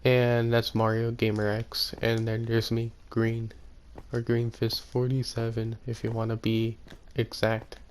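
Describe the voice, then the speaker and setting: Soft-spoken man narrating gameplay slowly. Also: medium pitch, monotone, a little hiss or hum. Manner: rambling, self-correcting, soft-spoken. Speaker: gaming YouTuber. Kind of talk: casual gameplay commentary.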